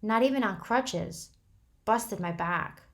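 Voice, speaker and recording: A woman's voice: takes it slowly, fairly bright tone. A woman reading the part of a badly hurt, frightened teenage boy, his voice shaky and pleading. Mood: weak, hurting. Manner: shaky, pleading, rising into high breaks.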